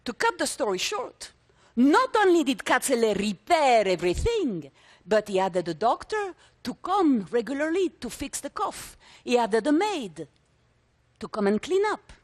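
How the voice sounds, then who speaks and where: A woman's voice: fairly high pitch, big pitch swings, measured pace. Dramatic woman telling a story. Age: 60s. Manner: dramatic, theatrical, with vivid lists and emphatic repeats. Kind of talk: stage storytelling performance. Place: conference stage before a live audience.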